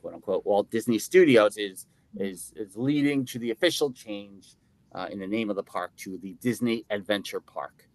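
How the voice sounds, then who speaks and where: A man's voice: on the low side, moderate pace, a little mellow, dry recording. A man co-hosting a casual podcast chat, rambling and jokey, often restarting his sentences. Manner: rambling, self-interrupting, jokey. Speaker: podcast co-host.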